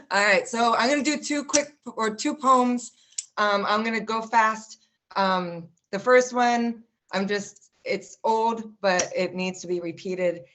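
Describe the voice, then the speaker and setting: Woman rattling off spoken word poetry. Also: on the high side. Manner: rapid-fire, rhythmic list delivery with sharp mocking jabs. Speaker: open mic poet. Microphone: video call. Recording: muffled lo-fi video call audio.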